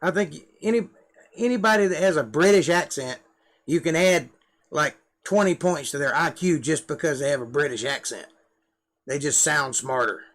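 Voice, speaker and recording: Here a middle-aged Georgia man, a musician hosting a live stream, speaks at a normal speed in a slightly high, fairly bright voice. His drawl comes through as he rambles and pokes fun at himself while chatting to the camera.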